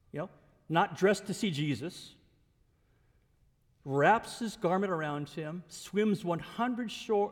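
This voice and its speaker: A man preaching a sermon in an animated way, acting out characters and chuckling often. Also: high voice, in a large hall.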